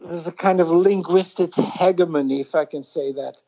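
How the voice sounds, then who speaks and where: Reflective British man, halting and rambling. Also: on the high side, mellow, muffled recording. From Britain. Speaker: guest musician. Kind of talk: casual interview chat.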